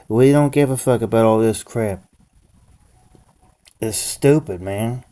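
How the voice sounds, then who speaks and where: A man's voice: medium pitch, steady tone, measured pace, long pauses, warm tone. A man giving a profane, repetitive rant in his own vlog, often chuckling to himself. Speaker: vlogger. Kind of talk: ranting monologue to camera.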